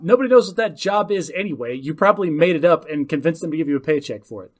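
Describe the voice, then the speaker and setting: A man's voice: on the high side, expressive, fast talker. A man co-hosting a podcast in casual chat, trading snarky jokes. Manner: snarky, joking. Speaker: podcast co-host.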